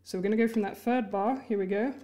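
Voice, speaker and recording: A woman's voice: mid-range voice, fast talker, warm tone. A woman teaching an instrument lesson, friendly and encouraging, counting and chanting rhythm words as she plays. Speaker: music teacher. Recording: music playing under the voice.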